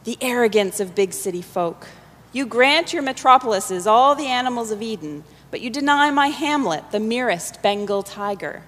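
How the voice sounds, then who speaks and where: A woman's voice: fairly high pitch, animated, normal speed, a bit bright. A woman voicing a passionate, indignant sixteen-year-old boy, speaking in a mocking, theatrical way. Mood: scornful. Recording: long hall reverb.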